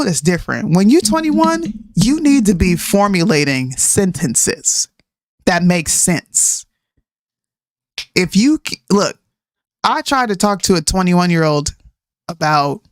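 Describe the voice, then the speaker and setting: A woman in her thirties, a podcast co-host, chatting casually and ranting in an animated way, mixing in slang and laughs. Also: fairly low pitch, no room sound, studio quality. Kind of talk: casual chat.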